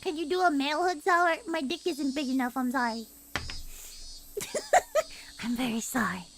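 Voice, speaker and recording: A woman reacting on stream, giggling, gushing and apologizing in quick asides. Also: sits high, sing-song, slight background noise.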